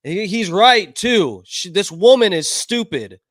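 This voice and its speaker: A man's voice: high voice, lively intonation, takes it slowly, a bit bright, dry recording, studio quality. A man commentating online in an angry, profane political rant, repeating himself as he goes.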